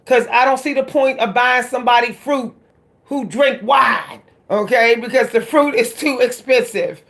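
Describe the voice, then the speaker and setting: A woman's voice: fairly high pitch, unhurried, creaky, fairly bright tone. A woman from Pittsburgh with a Pittsburgh accent, chatting casually on a tarot reading livestream and often repeating herself. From Pittsburgh, USA. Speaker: tarot reader.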